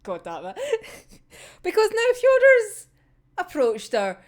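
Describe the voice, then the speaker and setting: A woman riffing through her reactions in a loose, chatty way, cursing freely and laughing often. Her voice sits high and swings widely up and down, while her delivery stays unhurried. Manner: animated, swears a lot, laughs often. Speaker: manga reaction commentator. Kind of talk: casual reaction commentary.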